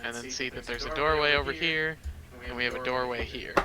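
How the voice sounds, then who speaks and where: A man's voice: mid-range voice, steady tone, a little fast, crowd noise. A man playing in a tabletop game, easygoing and joking. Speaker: player. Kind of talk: casual tabletop play. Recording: noisy background.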